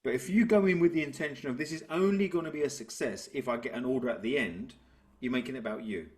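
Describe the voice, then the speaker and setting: A man, a business coach talking through ideas and telling stories in a relaxed interview. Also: medium pitch, quick pace. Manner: reflective, tells stories to make a point. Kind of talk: conversational interview.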